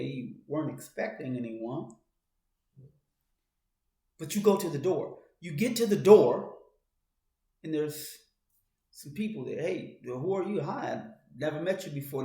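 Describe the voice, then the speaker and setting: A man's voice: fairly high pitch, echoey room. A man giving a spoken commentary, talking straight to the listener and often restarting his phrases. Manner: talks to the listener in second person, many restarts; grows louder and more urgent as he goes. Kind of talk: monologue commentary.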